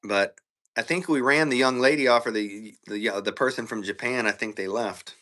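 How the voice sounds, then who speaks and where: A man from the American South with a Southern accent, co-hosting a casual livestream and telling profane, animated stories. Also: medium pitch, normal speed. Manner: storytelling, profane, with quoted impressions of his partner.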